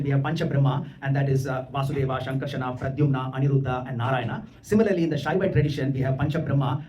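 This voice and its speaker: A man giving a devotional lecture in a temple hall, explaining scripture and slowly chanting Sanskrit mantras. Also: a little high, a little mellow, recorded from a distance, a little hiss or hum.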